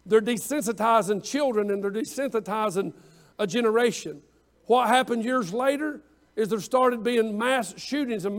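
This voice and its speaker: A man preaching a fervent sermon, calling out to his congregation and pressing his points with emphasis. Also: very high voice.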